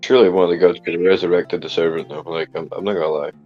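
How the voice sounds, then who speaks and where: A man co-hosting a podcast, throwing in quick, wry remarks in casual chat. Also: sits low, fairly even intonation, lo-fi sound, soft background music. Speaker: podcast co-host.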